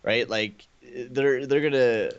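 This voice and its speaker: A man's voice: medium pitch, slow, clear, resonant tone, dull audio. A man co-hosting a casual hockey chat show, rambling through his points with lots of "like" and "right?". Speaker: co-host.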